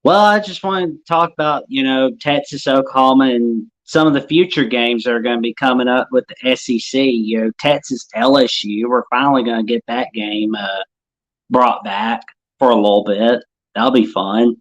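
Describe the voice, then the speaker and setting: Brief: male guest on a call-in show, mid-pitched, relaxed and filler-heavy. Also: moderate pace. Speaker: guest caller. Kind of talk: casual sports chat.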